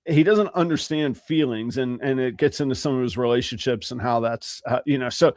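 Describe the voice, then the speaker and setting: A man co-hosting a podcast, telling stories in an animated, rambling way during casual chat. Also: medium pitch, fairly quick, no room sound, studio quality. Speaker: podcast co-host.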